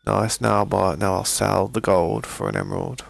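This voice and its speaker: A British man gives casual live commentary on a game in a lowish, creaky, flat voice at a moderate pace, over a noisy crowd. He often restarts his sentences and calls his viewers mate and boys.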